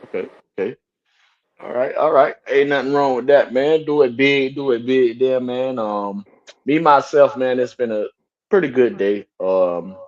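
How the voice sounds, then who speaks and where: A man's voice: on the low side, a little mellow, highs cut off. Laid-back man hosting a stream. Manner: laid-back, repeats phrases, lots of fillers. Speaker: podcast host. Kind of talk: casual live-stream chat.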